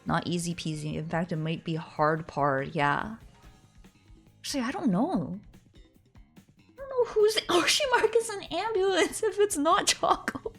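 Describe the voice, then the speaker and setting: A woman's voice: a little high, sing-song, unhurried, slightly rough, soft background music. A woman streamer chatting casually and exclaiming in disbelief as she reacts.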